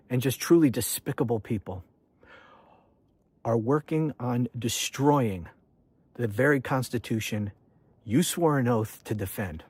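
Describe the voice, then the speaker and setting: A man's voice: medium pitch, darkish tone, breathy edge, dry recording. A man, a political commentator, delivering an angry, accusatory rant with repeated refrains.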